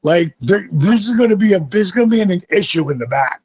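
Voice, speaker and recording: A man being interviewed, telling lively, profane stories and acting out the voices of the people in them. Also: high voice, quick pace, breathy edge, no room sound. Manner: vivid, profane storytelling that acts out quoted voices. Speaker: guest, former pro wrestler. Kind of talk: animated storytelling interview. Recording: dull lo-fi recording.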